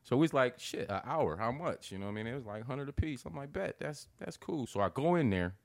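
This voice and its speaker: A man telling a story in loose, profane chat, his voice leaping up high whenever he acts out his own reactions. The sound is close and dry, with no room around it. His delivery stays animated and lively from line to line. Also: a little fast, gravelly, no echo. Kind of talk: casual storytelling.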